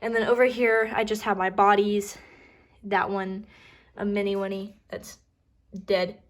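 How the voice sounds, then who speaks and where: A young woman giving a casual tour of her model horse collection, chatty and upbeat, with occasional stutters and restarts and asides that trail off softly. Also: medium pitch, level tone, measured pace.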